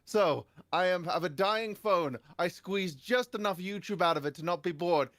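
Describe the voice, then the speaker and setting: Animated, swearing young man. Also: normal speed, dry recording. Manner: animated, profane, big swings in pitch and volume. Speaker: podcast panel guest. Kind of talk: comedic storytelling in casual chat.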